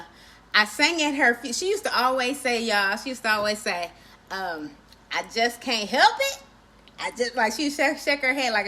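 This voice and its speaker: Chatty woman livestream host, high and bright, friendly casual banter with viewers. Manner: chatty, greets viewers by name, laughs often.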